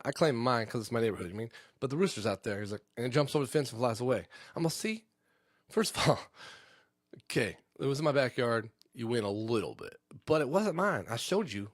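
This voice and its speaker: A man's voice: medium pitch, expressive, fairly quick, dry recording, studio quality. Rambling profane man telling a story. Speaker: podcast host. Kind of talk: casual storytelling on a live stream.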